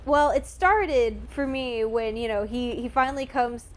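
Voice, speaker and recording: High-voiced woman, halting and emotional. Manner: emotional, halting, many restarts and swearing. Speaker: podcast co-host. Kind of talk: casual movie chat.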